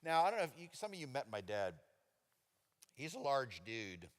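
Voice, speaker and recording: A man giving a testimony sermon, telling his story with lively acted-out quotes. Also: moderate pace. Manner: animated storytelling with high-pitched acted-out quotes. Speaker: preacher. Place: church hall. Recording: long reverb of a church hall.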